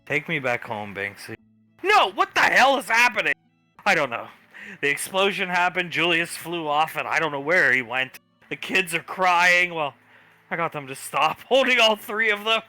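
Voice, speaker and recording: A man plays in a tabletop game, animated and quick to shout. His voice is very bright and slightly high, with a lively pitch. Faint music plays underneath. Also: dry recording. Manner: animated, bursts into loud shouts and curses. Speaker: player. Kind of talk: tabletop role-play.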